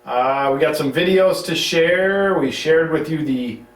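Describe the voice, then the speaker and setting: A man's voice: fairly high pitch, measured pace. Rambling middle-aged man hosting from afar. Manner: rambling, restarts sentences, teasing. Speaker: show host. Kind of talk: casual home-recorded chat. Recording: roomy sound, mic at a distance.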